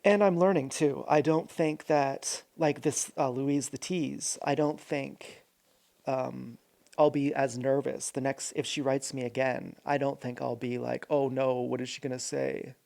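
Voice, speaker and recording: Gravelly guy rambling on his vlog, earnest, keeps restarting his sentences. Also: mid-range voice, fairly even intonation, measured pace, darkish tone. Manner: rambling, self-correcting, earnest. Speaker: vlogger. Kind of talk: personal monologue to camera.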